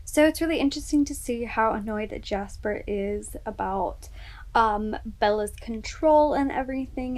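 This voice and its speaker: A woman's voice: on the high side, normal speed, a little mellow, poor audio. A woman vlogger reacting to a book in casual chat, gushing and exclaiming often, sometimes dropping into a whisper.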